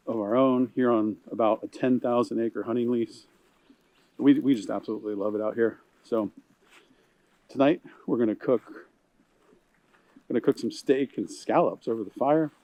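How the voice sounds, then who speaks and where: A man's voice: mid-range voice, dry recording. A man giving a casual walking tour of a hunting camp outdoors, huffing a little in the heat, recorded on a handheld camera. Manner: relaxed, chatty, points things out as he walks.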